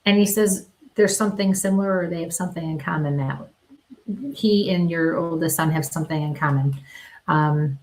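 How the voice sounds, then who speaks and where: A woman working as a medium, giving live psychic readings and talking haltingly with many pauses and small laughs. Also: sits low.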